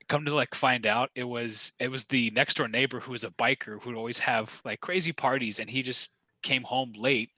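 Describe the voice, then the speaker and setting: A man's voice: medium pitch, fairly even intonation, moderate pace, pushed and bright, no echo. A young man co-hosting a podcast, telling a profane story in casual chat with frequent laughter. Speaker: podcast co-host.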